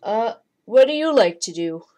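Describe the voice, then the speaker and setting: A woman's voice: fairly high pitch, lively intonation, normal speed, warm tone, lightly acted. A woman voicing a cocky male wrestler who hosts a toy-figure game show, rambling with many fillers. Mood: chatty. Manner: rambling, giggly, full of fillers.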